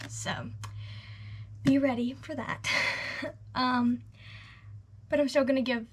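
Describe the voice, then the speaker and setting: A young woman of eighteen chats through her monthly book review with a high, light voice. She gushes in a casual, rambling way, leaning on "literally" and "like". Her words often fade into soft, breathy half-whispers. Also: flat delivery, a little slow, pauses often, a little hiss or hum. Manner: gushing and chatty, full of "literally" and "like", trailing into soft half-whispers. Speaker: book vlogger.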